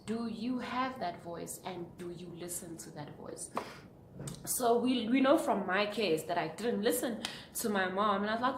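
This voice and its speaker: A young woman vlogger speaks to camera at a measured pace with lively intonation, delivering an earnest, preachy motivational talk. She fires question after question at her viewers. The room is echoey, with a faint rumble.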